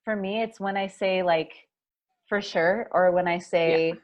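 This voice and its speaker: A woman's voice: lowish voice, steady tone, moderate pace, darkish tone, dull audio. A woman with a Canadian accent, co-hosting a casual chat, speaking hesitantly with restarts. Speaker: podcast co-host.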